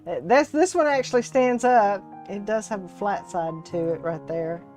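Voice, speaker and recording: Soft music plays behind this resin artist and live-stream host, a woman from Texas and Alabama with a Southern accent. Chatty and quick to laugh, she greets viewers by name in a slightly mellow, medium-pitched voice at normal speed.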